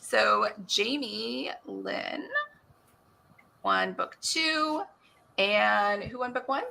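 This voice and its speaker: A woman hosting an online book club chat, talking casually and quickly, laughing often. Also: mid-range voice, gravelly, bright, forceful tone.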